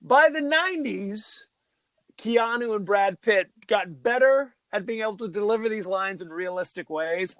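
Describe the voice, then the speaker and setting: A man co-hosting a podcast in casual chat, animated, often mocking actors' line readings. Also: high voice, normal speed, no room sound. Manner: animated, mocks line readings with exaggerated impressions. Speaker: podcast co-host.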